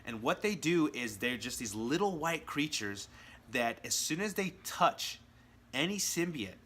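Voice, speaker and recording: An enthusiastic man hosting a casual comic book review video, excitedly walking viewers through storylines. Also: on the high side, measured pace, breathy edge. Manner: enthusiastic, acts out quotes in character voices.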